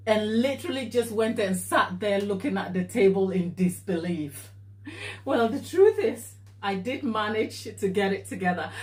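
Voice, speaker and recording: A woman cake baker telling a story during a live tutorial, animated and expressive and laughing as she talks. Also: a little high. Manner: animated, expressive, often laughing mid-sentence. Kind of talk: casual anecdotal storytelling. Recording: echoey room, voice distant from mic.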